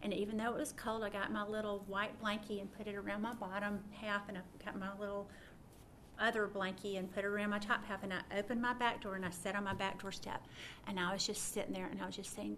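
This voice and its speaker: Middle-aged woman, earnest Bible teacher, mid-pitched voice, faint noise behind. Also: little pitch movement, fast talker, fairly bright tone. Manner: earnest, personal, prone to restarts.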